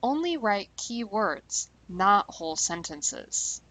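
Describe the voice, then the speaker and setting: Woman, language teacher, scripted lesson narration, clear and deliberate delivery, slows on key terms, mid-pitched voice. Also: very animated, a bit bright, poor audio.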